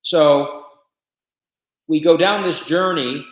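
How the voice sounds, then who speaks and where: Man, somewhat high voice, animated storytelling, echoey room. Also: takes it slowly, muffled recording. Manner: animated storyteller with shifting loudness. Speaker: business owner guest. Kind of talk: casual podcast storytelling.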